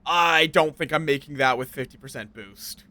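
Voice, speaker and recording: A man's voice: a little high, normal speed, sharp tone. A man live-streaming a game, chatting playfully with his viewers as he plays. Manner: rambling, playful, greets chat.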